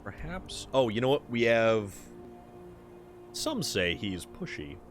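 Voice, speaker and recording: With faint music behind him, a man speaks at a slow pace as he streams a game live, chatting casually with viewers and reacting to the screen. His commentary is animated, with a jumpy pitch and abrupt high-pitched exclamations.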